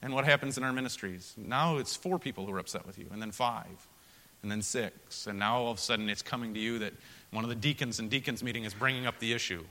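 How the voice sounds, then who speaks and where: A man preaching to fellow pastors in an earnest, storytelling manner, swinging from loud emphasis to quiet confession. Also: medium pitch, fast talker, in a large hall. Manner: earnest, storytelling, rises loud for emphasis then drops soft. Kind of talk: sermon to pastors.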